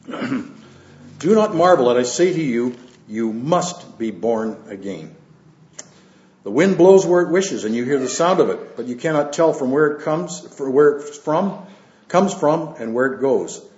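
A man preaching as a pastor and reading scripture aloud, unhurried, with fillers and asides between the verses. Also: mid-range voice, animated, a little mellow. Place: church. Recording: roomy, dull lo-fi church recording.

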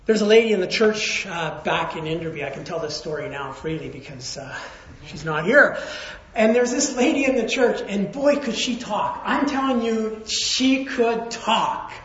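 A man pastor giving a sermon, telling stories in a conversational way, dropping to hushed tones and then rising again. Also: high-pitched, expressive, moderate pace. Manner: storytelling, conversational, swings from hushed to raised. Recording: roomy, slightly dull sound.

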